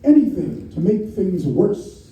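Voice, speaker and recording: A middle-aged man with a New York accent reads his poetry aloud at a live variety show, in a wry, deadpan way with many repetitions. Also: high-pitched, unhurried. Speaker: poet reading his work. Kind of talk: spoken-word poetry reading. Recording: very echoey room from far off, faint noise.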